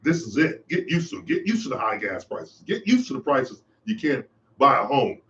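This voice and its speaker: A man's voice: medium pitch, sing-song, normal speed, fairly bright tone, highs cut off. A man hosting his own podcast, giving an impassioned, preachy monologue and repeating his phrases for emphasis. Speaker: podcast host. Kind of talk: monologue commentary.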